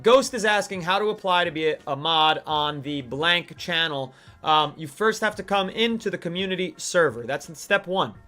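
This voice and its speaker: High, bright-voiced ranting male streamer. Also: normal speed, few pauses. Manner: animated, mock-outraged ranting. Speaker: streamer host. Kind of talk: live-stream gaming commentary.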